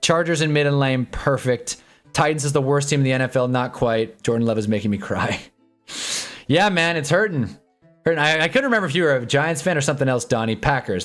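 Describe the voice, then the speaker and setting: A young man casually reacting to live football games on a stream, swinging from low muttering to excited yelling at big plays. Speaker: sports streamer. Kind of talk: live football watch-along commentary. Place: home streaming room with green screen.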